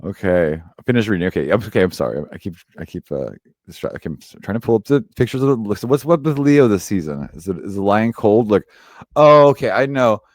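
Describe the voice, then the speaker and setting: Male host reading horoscopes, lowish voice, dry sound, loose and chatty with lots of "um" and restarts. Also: animated, fast talker, dry recording. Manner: rambling, chatty, full of fillers and self-corrections. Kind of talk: casual live-stream chat.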